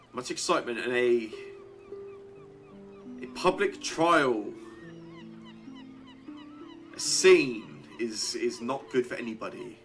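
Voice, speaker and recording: A man's voice: mid-range voice, fairly bright tone. A man voicing a pompous older town mayor who speaks formally. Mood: placating. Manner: formal, stately.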